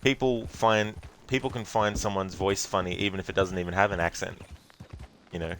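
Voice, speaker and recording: A man's voice: deep voice, steady tone, fairly quick, a bit bright, a little hiss or hum. A man giving casual, rambling commentary while playing a game. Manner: chatty, rambling, musing aloud. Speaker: gameplay streamer.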